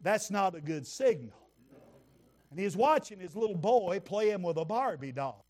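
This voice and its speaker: A male preacher, telling a folksy, humorous story in a sermon and building to shouted praise. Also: high voice, lively intonation, normal speed.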